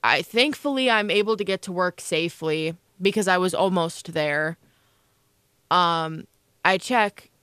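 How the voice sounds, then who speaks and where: A woman's voice: on the low side, a little slow, fairly bright tone, smooth, dry recording, clean studio sound. A young woman co-hosting a casual chat show, telling a long rambling story with lots of fillers. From Illinois, USA. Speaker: co-host.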